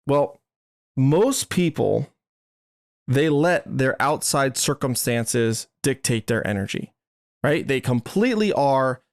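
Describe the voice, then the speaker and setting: A man hosting a podcast, giving an animated motivational monologue that keeps checking in with the listener. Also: medium pitch, no echo, studio quality. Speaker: podcast host.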